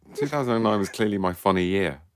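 A man in his forties, a guest author, chatting in a wry, self-deprecating way with halting restarts. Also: lowish voice, animated, no room sound. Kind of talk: casual interview chat. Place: studio.

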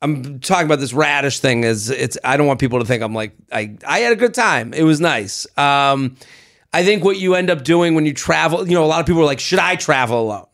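A man, a comedian, telling an animated, profane story in casual podcast chat. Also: a little high, fairly quick. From United States.

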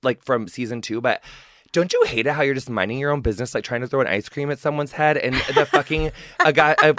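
A man hosting a podcast in casual chat, gushing and rambling with quick asides. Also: medium pitch, a bit bright, no room sound, studio quality. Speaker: podcast host.

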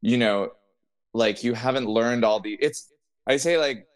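A man's voice: mid-range voice, unhurried, smooth, dry recording. A man who is a drag performer, a guest on a podcast, talking earnestly in a rambling way with many restarts. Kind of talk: casual interview chat.

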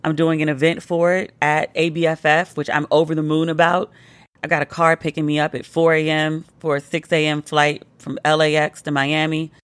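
A woman's voice: low voice, level tone, normal speed, clean tone, no room sound. A woman hosting a podcast, tipsy and telling a playful story in a casual monologue, now and then mimicking her friends. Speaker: podcast host.

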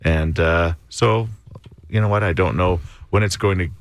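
A man's voice: deep voice, a little slow, dry recording. A man hosting a morning radio show, chatty and easygoing in casual banter.

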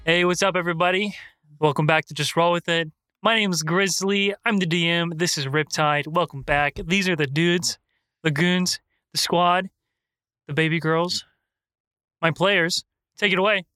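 A man's voice: fairly high pitch, steady tone, normal speed, pushed and bright, smooth, no room sound. A young man running a tabletop game as game master, recapping the last session in a loose, rambling way full of fillers.

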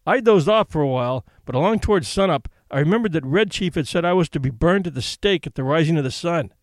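A man's voice: a little high, lively intonation, quick pace, no echo. A man narrating an audiobook story in a wry, folksy way, switching into character voices.

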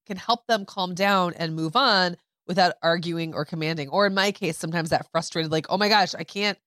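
A woman's voice: fairly low pitch, normal speed, no room sound, studio quality. A woman co-hosting a parenting podcast in casual chat, reading out listener quotes and talking them through. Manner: reads listener quotes aloud, relaxed and conversational. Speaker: podcast co-host.

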